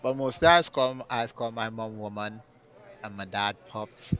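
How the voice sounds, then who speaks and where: A man co-hosting a podcast in casual chat, lively and acting out scolding voices. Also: lowish voice, measured pace, clear, resonant tone. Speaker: podcast co-host. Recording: dull lo-fi audio.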